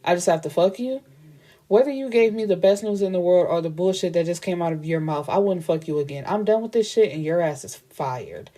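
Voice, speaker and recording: A woman's voice: on the low side, lively intonation, brisk, warm tone. A woman acting out an angry young man who crudely dismisses his lawyer, while she retells a story. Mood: furious.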